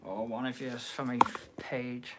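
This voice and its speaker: A man's voice: mid-range voice, level tone, measured pace, heavy background noise. A man with a Liverpool accent hosting a live stream, chatting and bantering casually with viewers in the chat. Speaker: livestream host.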